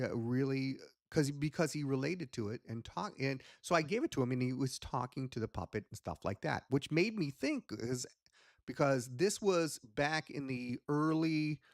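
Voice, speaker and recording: A man hosting a casual teaching talk as a hypnotist, rambling and animated with many pauses and restarts. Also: medium pitch, dry recording, clean studio sound. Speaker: hypnotist and ventriloquist host.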